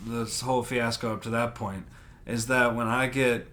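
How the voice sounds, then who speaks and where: A man's voice: mid-range voice, fairly even intonation, moderate pace, a bit bright. A man co-hosting a podcast, telling a story in a loose, profane way and acting out other people's lines. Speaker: podcast co-host. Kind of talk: casual storytelling.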